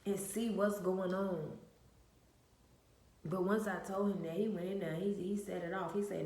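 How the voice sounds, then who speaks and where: Speaking at a measured pace with long pauses, a woman with a steady, slightly mellow medium-pitched voice shares an earnest personal testimony. An adult vlogger with an infant, she often repeats phrases for emphasis; the room is echoey with faint noise.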